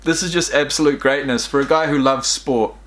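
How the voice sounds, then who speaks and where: Young male reaction host, mid-pitched, casual and choked up, chats directly to viewers. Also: fairly even intonation, fairly quick, fairly bright tone. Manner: emotional, rambling, talks straight to viewers.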